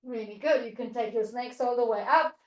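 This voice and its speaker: On a low-quality, reverberant recording, a woman with a highish voice talks a little fast. She is showing yoga teachers how to cue poses, offering encouragement and playful animal noises for children.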